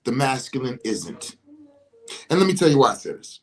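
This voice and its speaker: A man's voice: mid-range voice, sing-song, normal speed, breathy edge. Profane, emphatic man in spoken monologue. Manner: profane, emphatic, rising to shouts. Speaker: monologue speaker.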